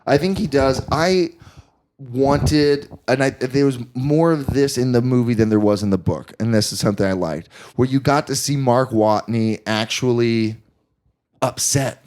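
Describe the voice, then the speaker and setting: A man talking casually about a movie on a podcast. He rambles, stacks up fillers and restarts his sentences, and slips into lively little impressions as he goes. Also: medium pitch, unhurried. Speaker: podcast guest. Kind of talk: casual film discussion.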